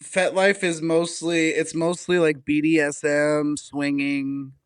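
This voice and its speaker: A man co-hosting a podcast, chatting in a quick, jokey way. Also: on the high side, completely flat delivery, smooth. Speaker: co-host. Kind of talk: casual podcast chat.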